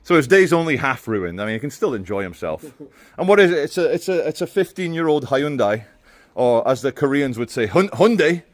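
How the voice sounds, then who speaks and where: A man's voice: medium pitch, very animated, brisk. An English man walking through city streets, filming himself for viewers with mocking, chatty commentary. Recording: faint street noise outdoors.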